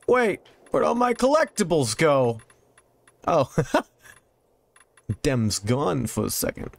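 A man's voice: a little high, huge pitch swings, takes it slowly, creaky, long pauses, no room sound. A man casually commenting while playing a game, joking, laughing often and swearing freely. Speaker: let's play host.

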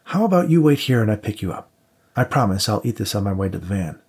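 A man voicing a caring young woman in a brisk, upbeat manner. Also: fairly low pitch, sing-song, a little mellow, slightly rough, heavily acted.

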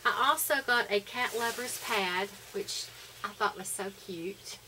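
A chatty middle-aged woman talks through her shopping finds at home, rambling easily with plenty of fillers. Her voice sits at an ordinary middle pitch. A clear, steady hiss runs under the home video recording. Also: a little slow. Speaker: vlogger. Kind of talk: casual shopping haul chat.

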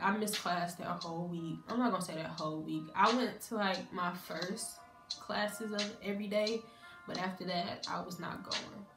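A young woman, likely a college student who vlogs, shares a laid-back, candid story from her college days, occasionally imitating her relatives' voices. Her voice is slightly low, and the echoey room has music playing in the background.

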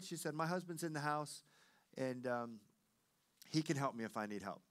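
Animated male pastor telling a story. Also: medium pitch, normal speed. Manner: animated storyteller, acts out quoted voices. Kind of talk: sermon with storytelling.

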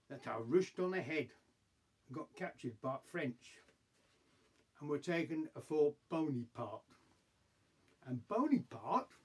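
A man's voice: a little high, breathy edge. An older man with a Yorkshire accent reciting a comic monologue in broad dialect. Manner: broad dialect storytelling, puts on voices for the figures.

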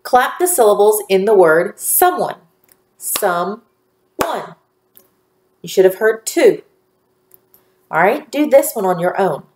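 A woman teacher giving a phonics lesson to young children, speaking slowly and clearly with encouraging praise. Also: medium pitch, sing-song, a little mellow, a little hiss or hum. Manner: slow, clearly enunciated, encouraging.

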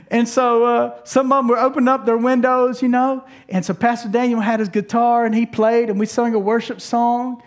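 A man's voice: very high-pitched, flat delivery, normal speed. A male pastor preaching a sermon in a conversational, storytelling way, often restarting his sentences and calling on the congregation to respond.

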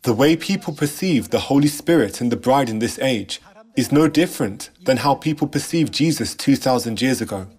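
A man reading a scripted sermon narration in a measured, solemn way, posing rhetorical questions. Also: medium pitch, expressive, a little mellow, slightly rough. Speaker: church narrator.

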